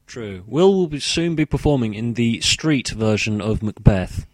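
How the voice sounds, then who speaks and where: A man's voice: medium pitch, animated, measured pace. A man co-hosting a podcast, wry and rambling in casual chat. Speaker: podcast co-host. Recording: noisy home recording.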